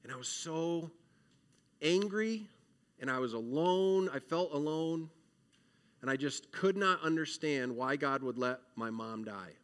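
A man leads a children's sermon in an earnest, emotional way. His voice is bright and a bit tense, sitting somewhat high, and he swings from loud pleading to soft, reflective lines. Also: unhurried. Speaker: children's minister.

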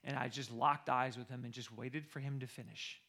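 A man who coaches football telling a personal story in a lively way, acting out the people he quotes. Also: medium pitch, moderate pace, creaky. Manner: animated, acts out the people he quotes.

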